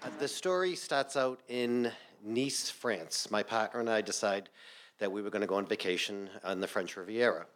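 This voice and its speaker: Animated male storyteller on stage. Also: on the low side, normal speed, slight background noise. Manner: animated, salty, laughs through his lines. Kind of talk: live storytelling. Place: theater stage before a live audience.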